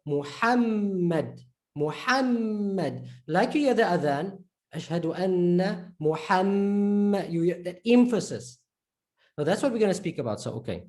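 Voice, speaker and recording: A woman teaching an online lesson, patiently repeating points, checking in with learners and slowly drawing out example words. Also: fairly low pitch, darkish tone. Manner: slowly drawn-out word demonstrations. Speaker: Arabic reading teacher.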